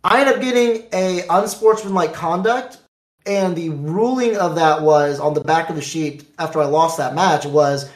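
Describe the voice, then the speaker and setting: A man's voice: a little high, moderate pace, roomy sound. A man casually telling the story of his card game tournament, acting out the back-and-forth with opponents and judges. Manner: animated, acts out quoted exchanges.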